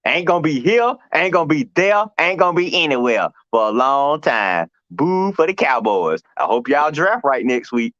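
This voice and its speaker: A man's voice: a little high, big pitch swings, normal speed, few pauses, fairly bright tone, dry recording, dull audio. A man hosting a sports talk show, teasing his co-host and going off on slangy mock rants. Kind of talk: casual sports banter.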